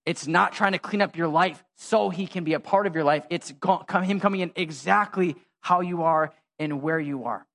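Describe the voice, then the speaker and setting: A pastor preaching a sermon in a conversational, animated way, full of slang and asides. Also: male voice, on the high side, normal speed, vocal fry, hardly any pauses. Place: church.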